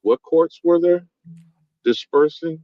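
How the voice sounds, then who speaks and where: A man's voice: fairly high pitch, takes it slowly, no room sound. A man in a casual discussion, asking probing questions. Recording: dull lo-fi audio.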